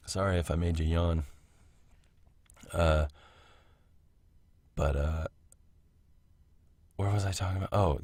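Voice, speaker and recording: A man's voice: low-pitched, darkish tone, dry recording. A man hosting a casual solo podcast from home, rambling, interrupting himself and laughing at his own tangents. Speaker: podcast host. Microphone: home recording mic.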